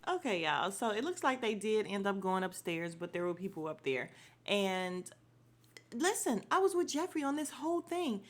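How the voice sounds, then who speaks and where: Woman podcast host, casual and opinionated, slangy recap, mid-pitched voice. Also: very animated, moderate pace. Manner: chatty, opinionated, frequent laughs and slang. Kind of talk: casual reality show recap.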